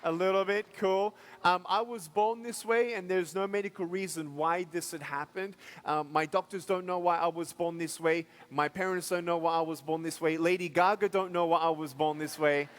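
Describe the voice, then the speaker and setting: A man with a light Australian accent speaks in a high voice to a packed arena, lively and playful as he draws the crowd in. He is picked up on a stage microphone. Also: moderate pace, hardly any pauses. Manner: energetic, playful, addresses the audience directly. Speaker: motivational speaker. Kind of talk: live motivational speech to a crowd. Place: large indoor arena.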